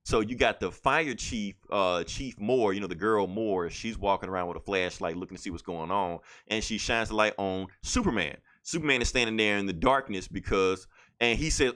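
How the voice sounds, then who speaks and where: A man's voice: on the low side, normal speed, a bit bright. A man casually recapping a comic book on a podcast, rambling with lots of fillers and quoted lines.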